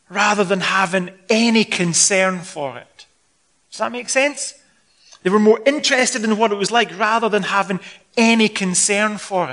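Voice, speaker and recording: High-voiced Scottish man preaching. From Scotland. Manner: conversational and expressive, acts out scenes. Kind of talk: sermon.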